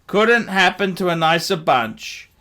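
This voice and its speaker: A man's voice: high voice, lively intonation, unhurried, bright, forceful tone. A middle-aged man with an Australian accent, ranting in a commentary vlog, sardonic and scornful, repeating his catchphrases. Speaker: watch dealer.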